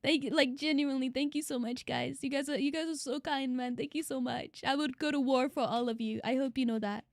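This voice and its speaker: Very high-voiced gushing streamer woman. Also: steady tone, fairly quick, hardly any pauses, no echo, clean studio sound. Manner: effusive, gushing thanks, casual swearing. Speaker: VTuber streamer. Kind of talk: casual live-stream chat with viewers.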